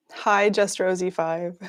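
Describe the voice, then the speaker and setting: A woman hosting a news livestream, chatting casually with many fillers and restarts, laughing often. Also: on the low side. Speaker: news show host.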